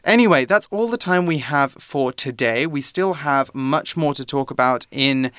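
A man explaining English vocabulary on a language-learning show, patient and clear, giving example sentences. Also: mid-range voice, moderate pace, a bit bright, no echo, clean studio sound. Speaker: English teacher.

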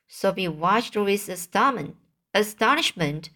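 A woman reading a children's book aloud, slowly and carefully, with small slips. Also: medium pitch, animated, a bit bright. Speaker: reader.

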